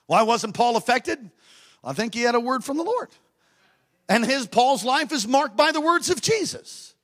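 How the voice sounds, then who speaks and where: A man preaching a sermon, telling stories with animated energy, bursts of laughter and emphatic repeated declarations. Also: very high-pitched, moderate pace.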